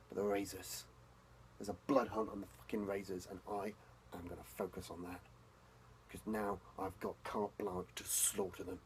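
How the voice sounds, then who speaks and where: A man speaking an in-character role-play journal as a vampire, intense and profane, often dropping to a hushed whisper. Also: deep voice, flat delivery, measured pace, long pauses, slight background noise, poor audio. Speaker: tabletop role-player.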